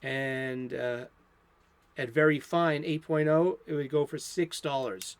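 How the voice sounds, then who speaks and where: Guy rambling happily about comics at home, lots of ums and restarts, slightly higher voice, lo-fi. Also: fairly even intonation, slow. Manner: rambling, enthusiastic, many restarts and fillers. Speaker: comic book channel host. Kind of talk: unscripted casual chat. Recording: lo-fi home recording.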